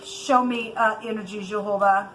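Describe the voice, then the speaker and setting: A woman's voice: medium pitch, steady tone, moderate pace, a bit bright, a little hiss or hum, poor audio. A woman doing a spiritual tarot reading for her viewers, angry and ranting in a heated, indignant way. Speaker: tarot reader.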